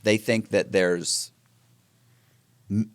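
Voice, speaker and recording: A man telling his story in an interview, animated and acting out the dialogue with frequent restarts. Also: on the low side, very slow, no room sound. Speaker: interview guest.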